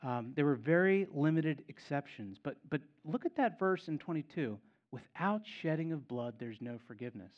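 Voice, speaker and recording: A man's voice: fairly high pitch, dull audio. A man preaching a sermon as pastor, emphatic and repeating key phrases for effect.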